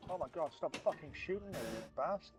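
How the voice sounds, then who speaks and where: A man chatting while gaming with friends, teasing and excitable, often stumbling over his words. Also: on the high side, fairly quick. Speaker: co-player, stream guest. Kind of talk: casual gaming chat. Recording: game music behind. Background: game music.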